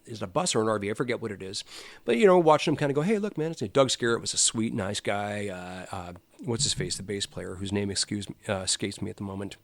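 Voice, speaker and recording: Gravelly-voiced man telling animated stories. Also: fairly low pitch, fast talker, no room sound. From Los Angeles. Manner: animated storyteller, acts out quoted voices. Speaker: guest musician. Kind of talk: casual storytelling interview.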